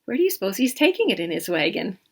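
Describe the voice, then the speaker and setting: Reading a picture book to little kids, this woman keeps things lively and interactive, posing questions, noting details, and counting together. Her voice is medium-pitched and creaky, and she speaks quickly.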